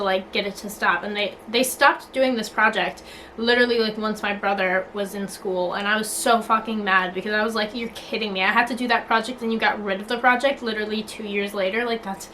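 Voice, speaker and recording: A woman's voice: medium pitch, sharp tone, slight background noise, low-quality recording. A young woman venting casually to her camera, blunt and sweary, full of filler likes and restarts. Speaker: vlogger. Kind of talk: casual talking-to-camera rant.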